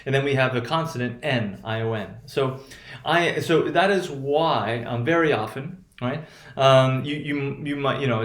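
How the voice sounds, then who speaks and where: A man teaching a pronunciation lesson in a halting way, with many restarts and a repeated "right?" tag. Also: mid-range voice, echoey room. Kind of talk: recorded classroom lecture.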